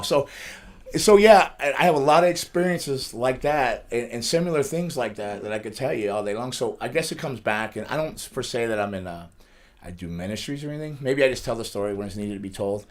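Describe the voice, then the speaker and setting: A middle-aged man speaks quickly in a studio interview. His pitch sits in the middle. He rambles through stories with many restarts. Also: animated. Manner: fast, rambling storytelling with frequent restarts and laughs. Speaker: guest, pro wrestler. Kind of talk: casual storytelling interview.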